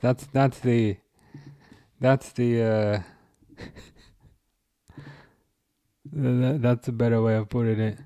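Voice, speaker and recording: A man's voice: medium pitch, little pitch movement, slow, long pauses, dark tone, clean tone, dry recording. A man hosting a casual football livestream, chatting and self-mocking, often restarting his sentences and laughing. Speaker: livestream host. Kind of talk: casual live match commentary.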